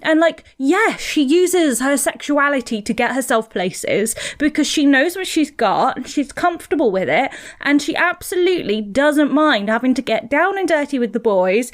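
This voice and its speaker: A woman's voice: sits high, expressive, moderate pace, few pauses. A woman guest on a film podcast, telling stories with enthusiasm and acting out quotes. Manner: enthusiastic storyteller, acts out quotes. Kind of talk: casual film podcast chat.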